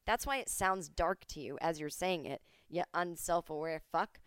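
A woman from the United States hosts a podcast from home. She delivers a comedic rant full of sarcasm and swearing, dropping to mumbled asides and then snapping into loud outbursts. Her voice is smooth and resonant, and the sound is dry and close. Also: on the low side, normal speed, dry recording. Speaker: podcast host.

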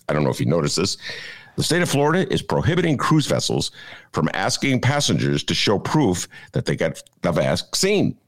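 A man hosting his own podcast from home, delivering sarcastic political commentary in a lively, animated way. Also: fairly low pitch. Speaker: podcast host. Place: home apartment.

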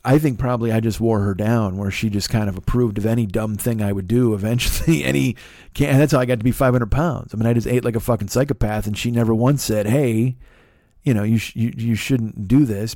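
A man's voice: on the low side, steady tone, brisk, mellow, dry recording, clean studio sound. A man hosting a podcast who talks through a long confessional monologue, swearing often and rambling with many restarts and self-deprecating asides. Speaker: podcast host.

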